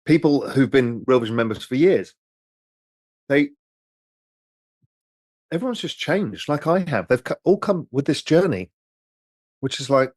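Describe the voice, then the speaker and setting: A man's voice: medium pitch, very animated, a little slow, long pauses, husky, no room sound. Rambling, candid man on a dry mic. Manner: rambling, candid, swears freely. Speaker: host reading viewer questions. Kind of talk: casual live-stream chat over drinks.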